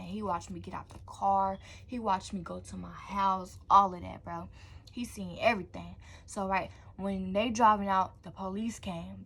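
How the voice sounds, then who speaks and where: A young woman vlogger telling a storytime in an animated, slangy way, tossing in "blah, blah" asides. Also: medium pitch, breathy edge. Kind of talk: storytime vlog.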